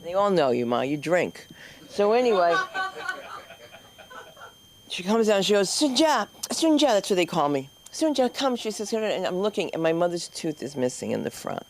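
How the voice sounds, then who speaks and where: A man hosting a comedy open mic, teasing the comics with gruff banter between acts. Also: high voice, very animated, moderate pace, pauses often, a little hiss or hum.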